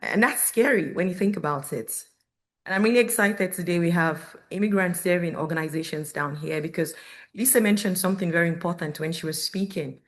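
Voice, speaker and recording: A woman's voice: on the low side, fairly quick. A woman in her thirties, a parent speaking at a community forum, giving candid, earnest personal testimony to an audience. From Canada. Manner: earnest, candid, storytelling with quoted dialogue.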